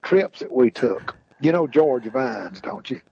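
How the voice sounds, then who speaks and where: A podcast guest tells long, rambling, folksy stories in an easygoing chat, circling back again and again to "he said." His medium-pitched voice is gravelly, dark, breathy and husky, animated at a measured pace, and the recording sounds a little muffled and lo-fi.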